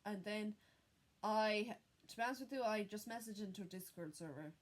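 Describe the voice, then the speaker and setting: Candid, swearing young woman vlogger. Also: medium pitch. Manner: candid, heavy swearing, halting restarts. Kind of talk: unedited personal storytelling.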